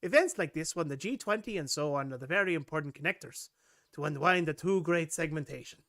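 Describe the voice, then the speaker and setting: A man's voice: fairly high pitch, expressive, sharp tone, no room sound, studio quality. A man imitating a German-accented male economist in a subtle, understated way, with the accent drifting toward Scottish. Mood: mocking. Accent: mock German drifting Scottish. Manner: measured, understated mimicry.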